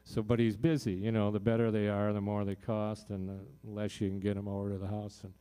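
A singer-songwriter in concert, a man with a fairly low, mellow voice, shares a personal story with the live crowd from the stage. His talk is loose and heartfelt, piling up fillers and restarts along the way. His tone stays level, his pace runs slightly fast, and his sound is clear and resonant.

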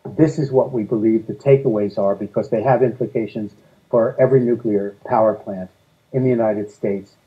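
A man's voice: on the low side, moderate pace, dull audio. A man being interviewed as a guest, laying out his points steadily and in order. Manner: steady, methodical, lists points in sequence. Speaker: guest, energy policy advocate. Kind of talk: earnest interview answers.

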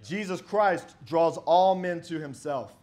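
A man's voice: fairly high pitch, slow pace, darkish tone. A man preaching a sermon, arguing emphatically with rhetorical questions and reading old-style scripture aloud.

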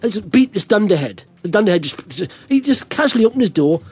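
A man hosting a podcast, talking in an animated, ranting way and laughing often. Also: sits high, fast talker, breathy edge. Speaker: podcast host. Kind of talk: casual chat.

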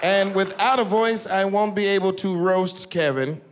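A man's voice: high-pitched, moderate pace. A man on stage delivering roast jokes in a playful manner, breaking off with mock-shocked asides. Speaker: comedian stepping in at a roast. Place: stage before a live audience. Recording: loud live crowd noise.

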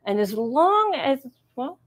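A woman's voice: sits high, big pitch swings, slow. A middle-aged woman teaching a live machine embroidery demonstration, chatty and encouraging as she narrates each step. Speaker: embroidery instructor. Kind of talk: live-streamed sewing demonstration.

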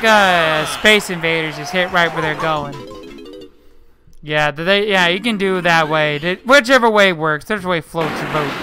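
A man giving casual let's-play commentary, chatting away, scolding the game characters and swearing mildly. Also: on the high side. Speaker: gameplay commentator.

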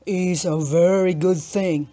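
Woman voicing a gentle storybook brontosaurus, polite and patient, lowered rumbling voice, unhurried. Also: fairly even intonation. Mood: calm, polite. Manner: slow, measured, courteous.

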